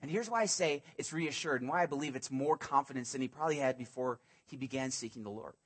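A man's voice: medium pitch, fast talker, breathy edge. A male pastor preaching a sermon, animatedly acting out biblical dialogue in casual modern speech.

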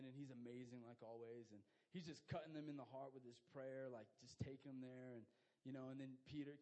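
A young man giving a casual, slangy sermon, telling jokey stories with sudden loud bursts. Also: medium pitch, low-quality recording. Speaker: youth pastor.

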